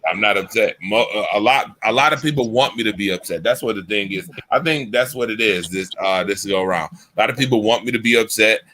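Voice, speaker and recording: Bright-voiced man in casual sports talk. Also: fairly low pitch, brisk, few pauses, a little hiss or hum. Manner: emphatic, repeats himself. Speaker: show host.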